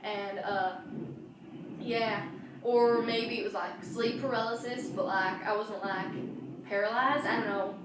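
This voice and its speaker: A woman's voice: mid-range voice, steady tone, measured pace. A young woman casually telling a story, rambling with many fillers and restarts. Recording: very echoey room, far from mic, faint noise.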